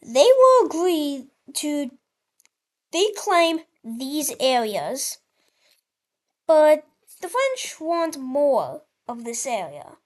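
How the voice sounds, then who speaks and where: High-voiced woman rambling thru a map story, restarts a lot, bouncy up and down. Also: huge pitch swings, extremely slow, a little mellow. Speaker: channel host. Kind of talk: casual map narration.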